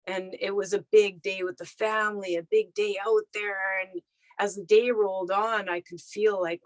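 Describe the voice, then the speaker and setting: Casual woman podcast guest, chatty, mid-pitched, dry close mic. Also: steady tone, moderate pace, no echo, rough recording. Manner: chatty, laughs often, acts out her own thoughts. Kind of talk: casual conversation.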